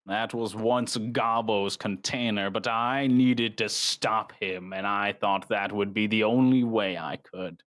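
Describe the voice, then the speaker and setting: A man voicing a scheming, aloof old male elf wizard with a grand, drawn-out theatrical delivery. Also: on the low side, fairly bright tone, pitched below the performer's own voice. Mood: explaining. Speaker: game master voicing a wizard.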